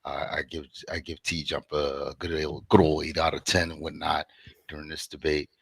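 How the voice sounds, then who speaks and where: A man co-hosting a relaxed, casual chat after a debate, laughing often and swearing freely. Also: a bass voice, moderate pace, creaky, slightly rough, no room sound. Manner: laughs a lot, relaxed, swears, says "and whatnot". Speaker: co-host.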